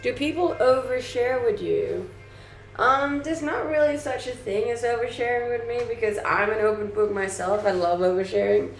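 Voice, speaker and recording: This live streamer has a gravelly, slightly high voice at normal speed. She's chatty, reading her chat aloud and answering with easy laughter. Her room sounds spacious, and faint music plays behind her.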